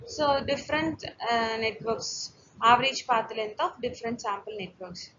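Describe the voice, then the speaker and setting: A woman's voice: a little high, animated, moderate pace, a bit bright. A woman giving a recorded lecture, explaining step by step with occasional fillers and restarts. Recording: dull lo-fi lecture recording with faint hiss.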